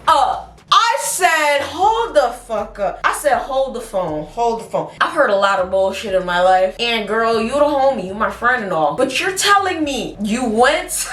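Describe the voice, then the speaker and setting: A young woman telling a story to her viewers in casual chat, animated, swearing and mimicking the people she talks about. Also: a little high, normal speed, far from the mic. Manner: animated, swearing, mimics others, laughs a lot. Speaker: vlogger. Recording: roomy echo, a bit off-mic.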